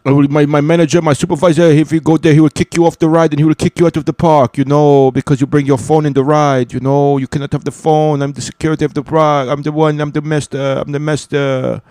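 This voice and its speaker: A man's voice: a little high, little pitch movement, fast, few pauses, mellow, dry recording, voice pushed up, close to an everyday voice. A man voicing a self-important male ride attendant with a French accent, insistent and repeating himself. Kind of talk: comic storytelling.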